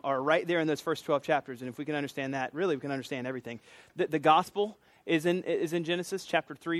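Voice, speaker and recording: A man's voice: on the high side, no room sound. A middle-aged man with a Southern US accent, a pastor teaching a sermon in a conversational, folksy way with self-deprecating asides. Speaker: pastor teaching a doctrine class.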